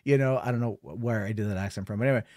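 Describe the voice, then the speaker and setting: A man's voice: fairly low pitch, rapid-fire, a little mellow, no room sound, clean studio sound. A man giving a casual spoken film review, rambling with lots of fillers and an amused tone.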